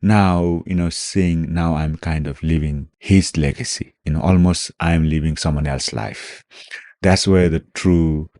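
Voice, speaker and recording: Very deep-voiced Nepali-accented man. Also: fairly even intonation, a little mellow, no echo, studio quality. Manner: earnest, halting non-native English with many "you know" fillers. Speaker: guest, former special forces soldier. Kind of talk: reflective interview answers.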